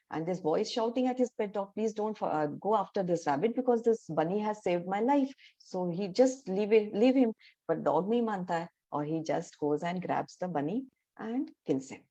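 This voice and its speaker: A woman telling a moral fable in an online class, speaking with an Indian English accent in a low, mellow voice. She talks haltingly and drops Hindi phrases in as she goes. The sound is dull and lo-fi over a video call. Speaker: yoga and meditation teacher.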